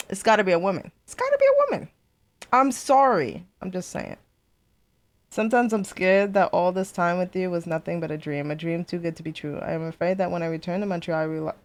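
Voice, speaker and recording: A woman streamer playing a story game, reading letters aloud in a steady voice and breaking into chatty, excitable remarks. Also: sits low, creaky. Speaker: let's play streamer.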